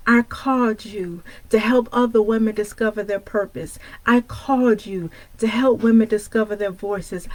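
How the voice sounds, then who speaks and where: A woman's voice: on the high side, no room sound, low-quality recording. A woman from Detroit giving a bold, confrontational motivational talk, hammering the audience with repeated rhetorical questions. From Detroit, United States. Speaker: motivational speaker and coach.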